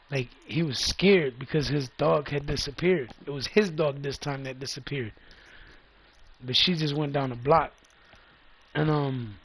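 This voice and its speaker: A man's voice: on the high side, gravelly. A man telling a loose, profane story in a casual vlog, often repeating himself. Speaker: vlogger.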